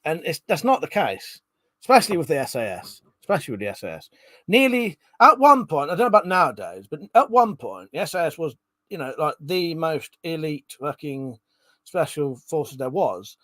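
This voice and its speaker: A man's voice: a little high, big pitch swings, moderate pace, pushed and bright, no room sound. A man chatting casually on a live stream, reading out chat messages and swearing freely.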